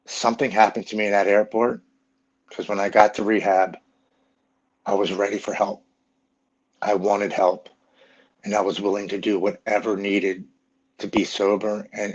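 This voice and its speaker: A middle-aged man telling his own story frankly and bluntly, as a guest in an interview. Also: on the low side. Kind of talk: personal storytelling in a podcast interview. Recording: dull lo-fi recording.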